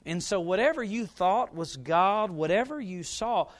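Man preaching with sudden loud rises. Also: high voice, lively intonation, measured pace. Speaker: pastor. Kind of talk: sermon. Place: church.

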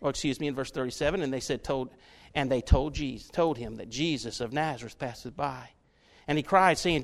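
A man preaching a sermon to his church, folksy and direct with the congregation, often building to loud, fervent stretches. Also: mid-range voice, fairly quick, vocal fry. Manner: folksy, talks straight to the congregation, builds to shouts.

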